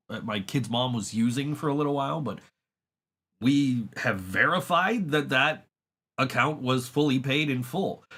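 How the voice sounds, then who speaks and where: A man's voice: medium pitch, pushed and bright. A man hosting a podcast, telling a long story in a casual, profane way and laughing often. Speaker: podcast host. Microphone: studio microphone.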